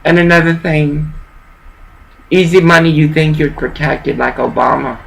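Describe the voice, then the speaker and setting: Older lady ranting on her vlog, gravelly low-ish voice, drags every word out, rambles all over the place. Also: steady tone, unhurried, slight background noise, rough recording. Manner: rambling, profane, drops into Spanish words.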